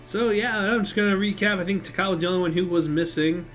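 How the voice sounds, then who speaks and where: A man's voice: high voice, fast, fairly bright tone, soft background music. A man acting as game master who recaps and narrates a tabletop game on a stream in a casual, rambling way, swearing freely and correcting himself as he goes.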